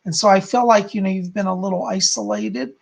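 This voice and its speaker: A man's voice: high voice, fairly even intonation, fairly quick, creaky. A man giving live psychic readings, chatting as he answers viewers one by one. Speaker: psychic medium.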